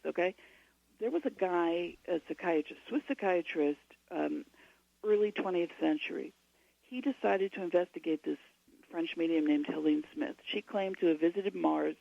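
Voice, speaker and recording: A woman's voice: on the low side, creaky, no echo, highs cut off. A woman, a guest author on a radio interview, giving long and digressive explanations.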